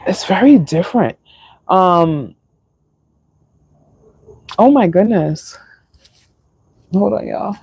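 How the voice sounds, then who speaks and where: Woman tarot reader, slow and emotional, dry close sound. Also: medium pitch, a little mellow, dry recording. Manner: slow, emotional, sighing, filler-heavy. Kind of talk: live-stream tarot reading.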